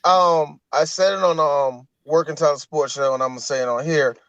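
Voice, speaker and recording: A man co-hosting a podcast in casual chat, cutting in with loud, playful remarks. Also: a little high, steady tone, moderate pace, no echo. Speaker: podcast co-host. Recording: dull, dry lo-fi mic.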